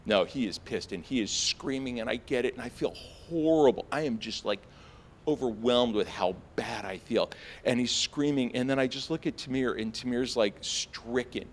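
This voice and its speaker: An American man telling a story on stage before a live audience, animated and self-mocking, full of fillers and restarts. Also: mid-range voice, moderate pace, a little hiss or hum. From United States.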